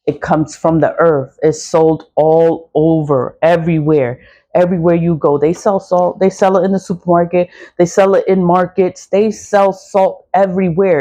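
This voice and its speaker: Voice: medium pitch, mellow. Blunt, preachy speaker in their forties. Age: 40s. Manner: blunt, repetitive, preachy, swears freely. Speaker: spiritual practitioner selling cleansing products. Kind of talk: casual spiritual monologue.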